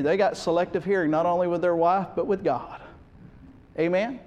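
High-voiced preacher in a reverberant hall. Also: male voice, fairly even intonation, moderate pace, dull audio. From United States. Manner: repetitive restarts, swings from hushed to loud. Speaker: pastor. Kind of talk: sermon. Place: church.

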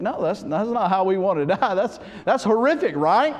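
A man preaching a sermon in a church, swinging from hushed to loud and often restarting his sentences. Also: high voice, big pitch swings, normal speed, in a large hall. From United States. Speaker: pastor.

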